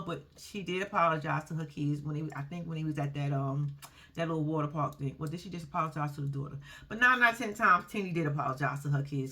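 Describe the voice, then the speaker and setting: A lively woman talks through a reality show episode in a loose, gossipy recap. Her pitch swings widely as she acts out the people in the show. Her voice is bright and forward, and her delivery is blunt and full of laughs. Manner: animated, laughing, slangy and blunt. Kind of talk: casual TV recap commentary.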